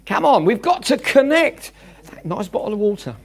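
A male preacher with a high, bright voice that leaps all over the place as he talks. He jokes with the congregation and shifts from loud bursts to quiet, hushed asides. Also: moderate pace. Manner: animated, jokey, swings between loud bursts and hushed asides. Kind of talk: sermon.

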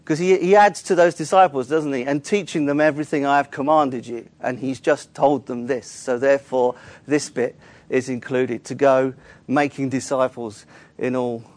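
A man's voice: medium pitch, steady tone, moderate pace, darkish tone, no echo. Earnest man preaching a sermon, dry sound. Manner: earnest, explaining scripture with frequent restarts. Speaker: pastor.

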